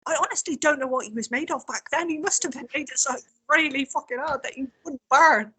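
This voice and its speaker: A woman chatting casually on a video call, telling lively stories and swearing freely. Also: high-pitched, fast talker, rough recording. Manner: animated storytelling, swears freely. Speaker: co-host.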